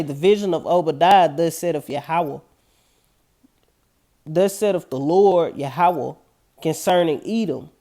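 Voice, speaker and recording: A man teaching from scripture in a casual, street-level way. He drags out the verses slowly, then slips into quick, profane asides full of slang. He keeps tagging his lines with a loose "man.". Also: on the high side, warm tone. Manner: addresses listeners with a repeated "man". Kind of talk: casual scripture reading and commentary.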